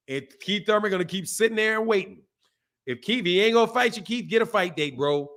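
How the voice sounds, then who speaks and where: A man hosting a boxing livestream, talking in a slangy, animated way and laughing often while reading out viewer messages. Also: high-pitched, a little fast. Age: adult, a father. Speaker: boxing channel host. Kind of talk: casual livestream chat.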